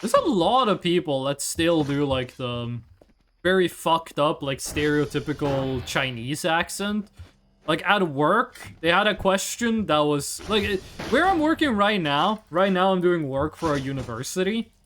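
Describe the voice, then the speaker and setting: A young man streaming a game, chatting casually and telling profane, animated stories. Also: on the high side, measured pace, a little hiss or hum. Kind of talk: casual chat while gaming.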